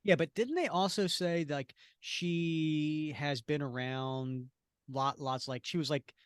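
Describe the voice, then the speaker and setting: A man's voice: a little high, slow pace, clean tone, no echo, studio quality. A man co-hosting a comics podcast, chatting casually and joking around. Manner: joking, laughs easily. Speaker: podcast co-host.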